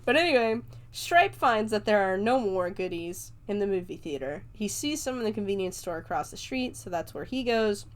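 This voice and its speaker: A woman's voice: mid-range voice, expressive, moderate pace, hardly any pauses. A young woman hosting a podcast, chattily recapping a movie with lots of fillers and casual swearing. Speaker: podcast host.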